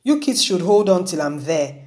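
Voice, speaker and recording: A book reviewer reading the lines of a worried middle-aged aunt on the phone, in a calm, reassuring way. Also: mid-range voice, normal speed, close to an everyday voice.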